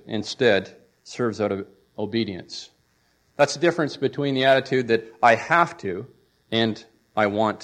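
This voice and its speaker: Male pastor, mid-pitched voice, emphatic sermon delivery with swings in volume. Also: fairly bright tone. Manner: emphatic preaching with rises and drops in pitch and volume.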